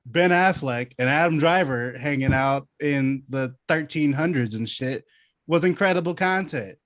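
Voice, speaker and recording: A man's voice: on the high side, a little slow, no echo. Swearing enthusiastic man, dry mic. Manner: enthusiastic, profane, joking. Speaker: podcast co-host. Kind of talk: casual chat.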